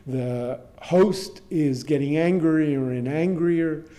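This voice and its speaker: A man retells an old story at a temple service in a slow, unhurried way. His voice is mellow and sits a little high, and he breaks up his telling with frequent fillers and wry asides. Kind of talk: storytelling sermon.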